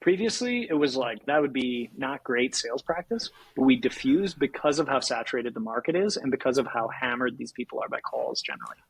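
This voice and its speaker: A Canadian man with a slightly husky, breathy voice, chatting with energy in a casual podcast. He laughs easily and acts out sales calls in lively quotes. The sound is dry and close to the mic. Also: mid-range voice, a little fast, few pauses, no room sound, poor audio. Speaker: podcast guest, sales executive.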